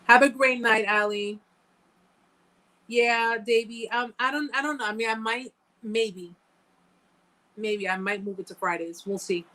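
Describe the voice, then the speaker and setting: A woman's voice: on the high side, fairly even intonation, measured pace, long pauses, pushed and bright, poor audio. A woman hosting a live chat, talking casually and emphatically to viewers, repeating phrases for effect and thanking them by name. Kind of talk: casual livestream talk to viewers.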